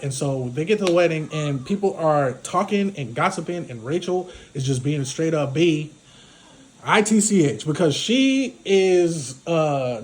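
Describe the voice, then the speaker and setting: A man with a fairly high voice recaps a film in loose, casual talk. He rambles and leans heavily on fillers as he retells the story. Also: slight background noise. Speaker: film reviewer. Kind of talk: casual spoken movie recap.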